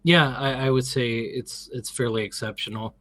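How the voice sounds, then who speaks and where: A man's voice: mid-range voice, steady tone, moderate pace, a bit bright, dry recording. A middle-aged man as an interview guest, telling a story casually and animatedly, acting out the quotes and restarting his sentences often.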